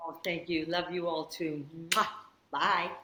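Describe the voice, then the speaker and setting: A woman's voice: on the low side, steady tone, unhurried, slight background noise. A woman from Canada, a podcast guest, chatting casually and affirming the host. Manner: warmly affirming, short agreeing replies. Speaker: guest, yoga teacher. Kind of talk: casual chat. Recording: echoey room.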